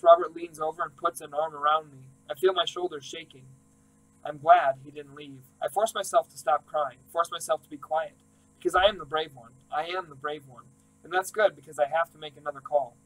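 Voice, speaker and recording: A man's voice: on the high side, fairly bright tone, low-quality recording. A man reading a first-person audiobook, telling the story in an emotional, intimate way. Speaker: audiobook reader.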